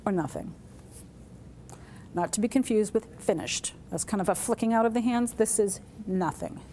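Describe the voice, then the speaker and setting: A woman teaching a sign language class, talking through each sign as she shows it, with pauses and fillers. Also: medium pitch, warm tone, a little hiss or hum. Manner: demonstrative, talks through signs with pauses and fillers.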